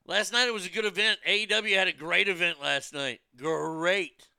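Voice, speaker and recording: A man's voice: high voice, normal speed, gravelly, pushed and bright, clean tone, no echo. A man rambling casually about food, movies and wrestling, blunt and profane, with many restarts. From United States.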